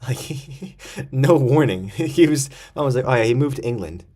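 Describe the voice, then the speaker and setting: A man's voice: medium pitch, expressive, normal speed, darkish tone. A young man telling a personal story in a casual, rambling monologue, using a lot of slang, restarting his sentences and laughing nervously. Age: young adult. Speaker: vlogger.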